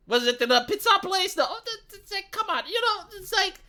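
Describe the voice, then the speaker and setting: Bright-voiced sarcastic male streamer. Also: very high-pitched, very animated, a little fast. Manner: sarcastic, rambling, mocking. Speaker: livestream host. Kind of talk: livestream commentary.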